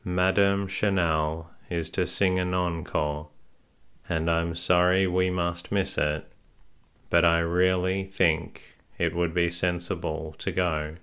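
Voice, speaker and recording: A sensible young woman, as a man reads her lines, gently suggests to her brother that they head home. Her voice is low, smooth and level in this slow storybook reading. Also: little pitch movement, full character voice. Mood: gentle. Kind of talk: scripted bedtime story narration.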